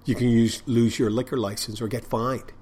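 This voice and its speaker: A man's voice: mid-range voice, little pitch movement, moderate pace, darkish tone, husky. A man with an ordinary mid-range voice tells stories from behind the bar in a loose, meandering monologue. He swears freely and often circles back to restart his sentences. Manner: rambling, profane, with many restarts. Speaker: bartender and podcast host. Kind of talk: casual storytelling monologue.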